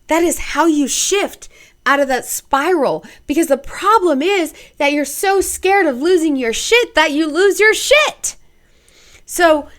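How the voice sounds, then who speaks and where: A woman's voice: on the high side, a bit bright. A young woman hosting a solo podcast, speaking bluntly and expressively, swearing freely and acting out inner voices. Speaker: podcast host. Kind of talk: casual solo podcast monologue.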